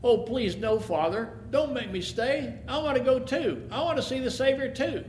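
A man's voice: very high-pitched, lively intonation, moderate pace, a little mellow, slight background noise. A man voicing an earnest young shepherd boy, pleading in a raised, eager voice. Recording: echoey room.

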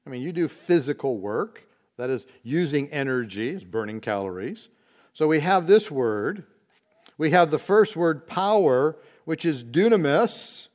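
A man teaching a Bible study, explaining word meanings slowly and deliberately, with occasional fillers. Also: fairly high pitch, lively intonation, darkish tone.

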